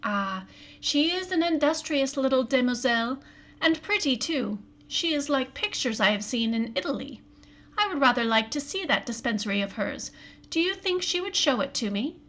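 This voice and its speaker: A woman's voice: sits high, very animated, normal speed, fairly bright tone. A woman reading aloud, voicing a fussy, inquisitive elderly male detective with a courteous, lilting manner.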